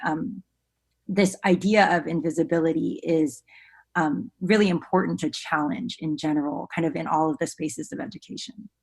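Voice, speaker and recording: Earnest woman tagging points with "right?". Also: fairly low pitch. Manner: earnest, often tags "right?" with "um" fillers. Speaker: education researcher and guest. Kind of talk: podcast interview, explaining.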